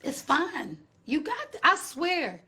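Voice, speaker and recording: A woman hosting a casual live-stream chat, talking in an emphatic, profane, reassuring way with big swings in pitch. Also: very animated, slow, pushed and bright. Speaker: host. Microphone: phone.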